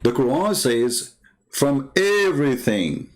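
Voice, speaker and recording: A man's voice: mid-range voice, sing-song, slow. A man hosting an online show, commenting on a clip with a mocking, sarcastic manner and broken English.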